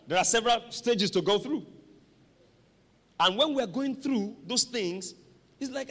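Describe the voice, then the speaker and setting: A man preaching a sermon, dramatic and animated, with call-and-response to the congregation. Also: extremely high pitch, moderate pace. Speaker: pastor. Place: church hall. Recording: long echo of a large hall.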